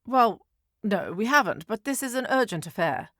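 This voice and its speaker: A woman voicing a polite, measured male lead agent in an audio story. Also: a little high, animated, fairly bright tone, no room sound, studio quality, voice pushed up. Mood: insistent.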